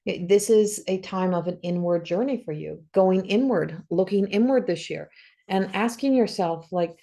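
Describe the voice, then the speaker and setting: Woman, psychic reader, tarot forecast, warm mellow voice, encouraging, restarts often. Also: medium pitch, normal speed. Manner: earnest, repetitive, encouraging, thinks aloud with restarts. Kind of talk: tarot forecast reading to camera. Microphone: camera, solo video.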